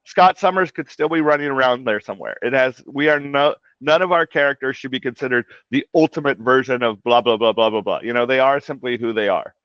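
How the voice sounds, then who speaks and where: A man's voice: mid-range voice, fairly quick, few pauses, clear, resonant tone, no room sound. Rambling man on dull lo-fi audio. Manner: rambling, heavy on "like" and "you know". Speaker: comic translator guest. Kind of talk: casual interview talk.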